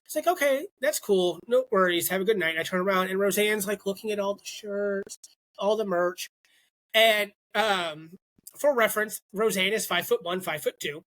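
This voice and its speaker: A man's voice: high-pitched, moderate pace. A young man co-hosting a podcast, telling a story in casual chat and acting out the voices of the people he quotes. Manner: animated, acts out quoted voices. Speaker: podcast co-host.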